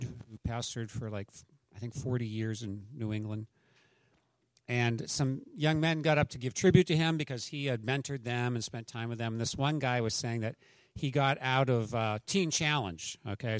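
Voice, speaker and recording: A man's voice: medium pitch, dry recording. A male pastor giving a casual, joking sermon with anecdotes and a prayer. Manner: chatty, joking, conversational.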